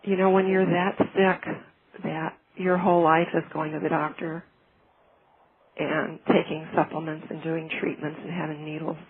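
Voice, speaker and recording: A woman's voice: low voice, level tone, breathy edge. Earnest woman on a tinny lo-fi line. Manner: halting, with frequent restarts and fillers; earnest and heartfelt. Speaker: client giving a testimonial. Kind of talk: personal testimonial, casual telling. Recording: phone-like lo-fi with faint noise.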